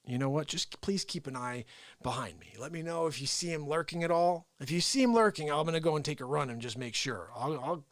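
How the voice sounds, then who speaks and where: A man hosting a live show, telling an animated story and acting out quotes, dropping into whispers and then shouting. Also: a little high, fairly quick, no echo. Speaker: host of a daily live variety show. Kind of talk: unscripted live-stream monologue. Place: small room with speaker and organ.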